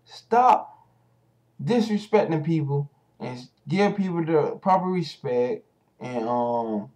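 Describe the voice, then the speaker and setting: A man's voice: fairly high pitch, expressive, slow pace, darkish tone. A man giving casual ranting commentary as a vlogger, heated and profane, speaking straight at the hosts he criticizes.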